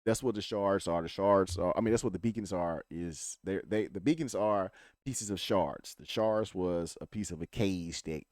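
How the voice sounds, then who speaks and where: A man's voice: sits low, moderate pace, a little mellow, dry recording, clean studio sound. A man giving a casual, rambling spoiler recap of a TV episode, swearing freely and talking in laid-back slang. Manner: profane, rambling retelling. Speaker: TV show reviewer.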